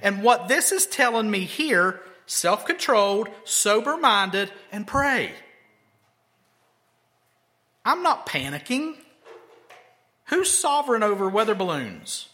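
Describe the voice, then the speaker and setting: A man's voice: sits high, sing-song, measured pace, sharp tone. A male pastor preaching a sermon conversationally, with emphatic rhetorical questions.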